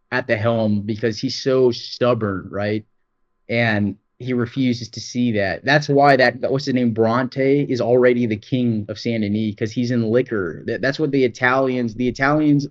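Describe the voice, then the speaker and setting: A man co-hosting a podcast, chatting excitedly about games, peppering his talk with "dude" and swearing. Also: medium pitch, muffled recording. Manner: excited, profane, rambling with lots of "dude". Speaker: podcast co-host. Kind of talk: casual gaming chat.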